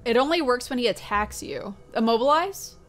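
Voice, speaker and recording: A woman streaming a video game, shouting in panic during fights and thinking aloud calmly between them. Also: a little high, normal speed. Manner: panicky shouting, then calm musing. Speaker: gaming streamer. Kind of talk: live gameplay commentary.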